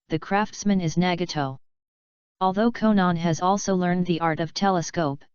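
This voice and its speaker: A woman narrates an audiobook in an even, measured reading. Her voice is fairly low and very smooth and clear. The recording is dry and slightly dull, with no room sound. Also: dry recording.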